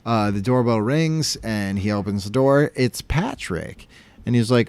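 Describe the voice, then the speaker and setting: A young man co-hosting a podcast, casually recapping a cartoon, swearing and acting out lines in quick voices. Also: fairly low pitch, clear, resonant tone. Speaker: podcast co-host.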